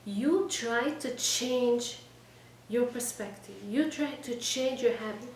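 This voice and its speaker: A woman teaching a weekly class to a small group, direct and exhorting, often checking in with her listeners and trading quick replies with them. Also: fairly high pitch. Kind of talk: informal lecture to a small group. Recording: echoey room, distant mic, faint background noise.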